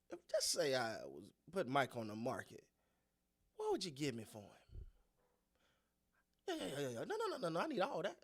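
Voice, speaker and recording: A man hosting his own sports channel, talking casually to his viewers and giving his opinions in a loose, slangy, repetitive way. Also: on the high side. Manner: animated, repetitive, slangy, talks to the audience. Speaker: sports commentary host.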